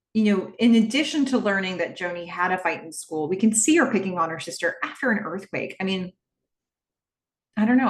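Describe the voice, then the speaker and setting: A woman's voice: on the low side, reverberant. A woman hosting a TV rewatch podcast, recapping scenes and thinking aloud with frequent fillers. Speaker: podcast host.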